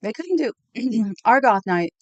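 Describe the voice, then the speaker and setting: A woman's voice: a little high, sing-song, a little slow, no room sound, highs cut off. A woman live streamer chatting casually with her viewers in a rambling way, laughing often and reacting to the chat.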